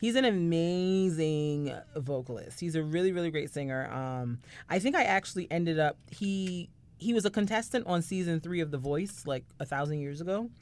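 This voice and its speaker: A woman's voice: on the low side, lively intonation, moderate pace, darkish tone. Chatty, playfully dramatic woman co-host. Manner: playfully dramatic, mock-indignant; rambling with many fillers. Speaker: podcast co-host. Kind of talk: casual chat.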